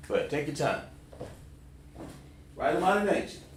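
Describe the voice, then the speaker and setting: A man teaching pronunciation, insistently repeating sounds slowly and coaxing his student to hear the difference. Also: on the high side, sing-song. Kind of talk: pronunciation lesson. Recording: echoey room heard from a distance with faint noise.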